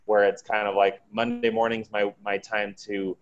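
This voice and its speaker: Man, low voice, chatty, repeats himself, muffled lo-fi audio. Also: flat delivery, moderate pace. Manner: chatty, repeats words, says right and I mean. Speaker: panel guest. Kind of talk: casual advice on a podcast panel.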